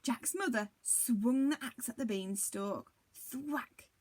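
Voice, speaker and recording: A teacher reading a storybook aloud to young children in an expressive, dramatic way. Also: female voice, on the high side, measured pace, slight background noise.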